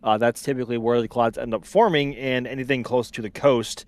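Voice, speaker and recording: Hesitant man, mid-pitched, dry. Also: fairly even intonation, brisk, no room sound. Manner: hesitant, many fillers and restarts. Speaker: co-host. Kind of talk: casual live commentary.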